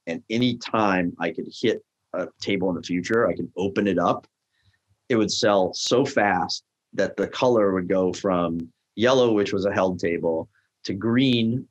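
A middle-aged man, a restaurant tech founder, telling stories in an interview and acting out the lines of the people in them. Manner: acts out quoted dialogue with jumps in pitch. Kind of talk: animated storytelling in a podcast interview.

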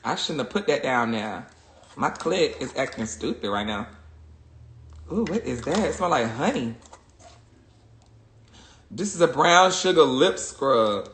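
A woman's voice: rumbling low, animated, measured pace, long pauses, fairly bright tone, echoey room, slight background noise. A woman chatting crudely and laughing a lot on a phone livestream. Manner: crude, joking, laughs often. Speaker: social media personality. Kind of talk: casual livestream chat.

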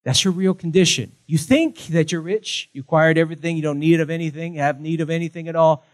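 A man preaching, his voice sitting a little high for a man. He drives points home through punchy repeated lines and slips in jokes along the way. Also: brisk. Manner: emphatic, punchy repetition with jokes. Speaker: pastor. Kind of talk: sermon.

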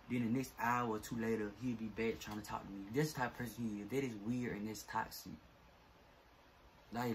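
A man's voice: mid-range voice, a little hiss or hum. A man vlogging to camera, venting in an irritated, fed-up, rambling rant full of slang.

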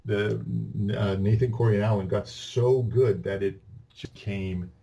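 A Canadian-born man appears as a podcast guest, speaking a little slowly in a lowish voice. His casual storytelling is long and rambling, with many restarts and animated quoted dialogue.

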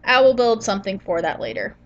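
A woman's voice: medium pitch, very animated, a little fast, dull audio. A woman giving a casual gameplay voiceover, tired and sniffly from allergies, rambling, yawning and trailing off. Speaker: gaming channel host.

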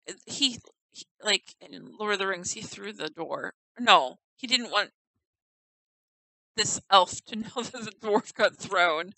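Woman wandering a game house, chatty and giggly, thinks out loud, kinda slow and bright. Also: medium pitch, lively intonation, creaky, no echo, rough recording. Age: adult. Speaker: gamer touring a player-built house. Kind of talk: casual game commentary.

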